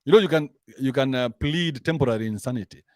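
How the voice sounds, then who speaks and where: A man's voice: medium pitch, quick pace, dry recording, clean studio sound. A man with a Kenyan accent giving a crude, mocking comic rant, switching between English and slang. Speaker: commentary show host. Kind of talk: rant-style comic commentary.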